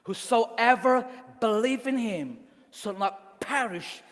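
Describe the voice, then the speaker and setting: A man's voice: extremely high pitch, slow pace, a bit bright. A man giving an earnest, exhorting youth sermon at a church conference, recorded with hall reverb. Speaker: youth speaker.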